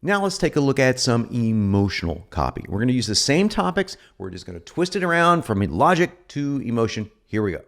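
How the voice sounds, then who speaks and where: A man giving an informal copywriting lesson, animated and joking as he explains. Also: mid-range voice, a little fast, gravelly, hardly any pauses. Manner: animated, joking asides, lively delivery. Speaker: copywriting instructor. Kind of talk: informal teaching.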